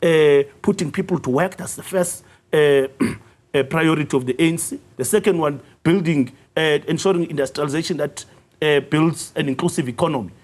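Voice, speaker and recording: A South African man, a youth league official, arguing his case in a news interview, assertive and clearing his throat often. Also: moderate pace, a little mellow. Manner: assertive, rises in pitch when pressing a point, frequent throat clearing. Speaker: youth league secretary general, interview guest. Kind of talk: political interview, argumentative.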